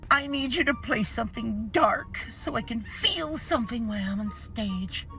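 A clip narrator voicing a moody adult female dancer who sulkily demands dark music. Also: medium pitch, expressive, moderate pace, vocal fry. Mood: sulky. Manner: sulky, demanding.

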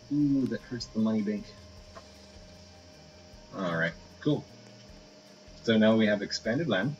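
Low-voiced man chatting over a game. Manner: rambling, chatty, playful. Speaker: game video host. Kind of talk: casual let's play commentary. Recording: dull lo-fi audio with hiss.

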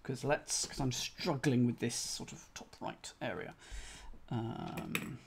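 A man's voice: medium pitch, steady tone, takes it slowly, creaky. A man solving a cryptic crossword live on stream. He thinks aloud, spells out letters one by one and talks to his chat.

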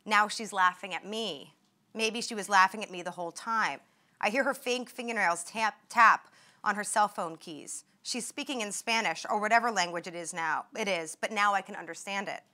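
A young woman reading aloud from her own memoir at a talk, in a measured, vivid way. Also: medium pitch, sharp tone. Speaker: author and former patient.

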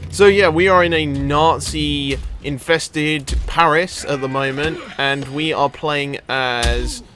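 A young man, commentating on gameplay casually, excitable and swearing often. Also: fairly high pitch, takes it slowly, slight background noise. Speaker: let's play host.

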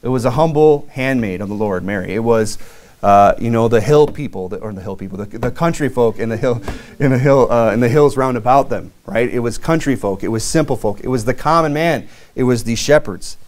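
A man's voice: mid-range voice, a little fast, darkish tone. A married man preaching a sermon in a loose, conversational way, with frequent fillers and restarts. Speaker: pastor.

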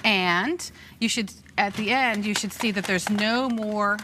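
A woman's voice: medium pitch, measured pace. Woman, guest cook, chatty, laughs easily, TV studio kitchen, background noise. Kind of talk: cooking demonstration.

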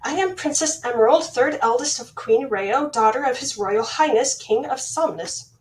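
A woman's voice: a little high, lively intonation, fairly quick, natural voice. A woman voicing a proud, indignant young princess who speaks in an imperious, formal way. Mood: haughty. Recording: voice slightly distant from mic.

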